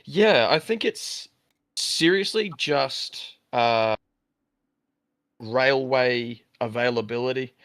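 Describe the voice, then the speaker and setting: A man's voice: medium pitch, slow, a bit bright, no room sound. A man with an Australian accent chatting casually on a livestream, blunt and crude with plenty of fillers. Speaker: livestream host. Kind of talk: casual chat.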